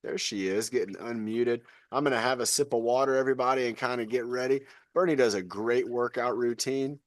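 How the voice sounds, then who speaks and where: A man's voice: medium pitch, fairly even intonation, a little fast, no room sound, studio quality. A man coaching a live online fitness class over a video call, chatty and encouraging.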